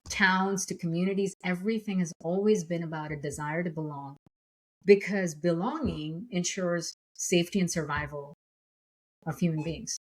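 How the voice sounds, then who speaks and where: Woman guest with a lowish voice, measured and reflective. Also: low-quality recording. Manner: measured, thoughtful, laughs lightly. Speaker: podcast guest. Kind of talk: reflective conversation.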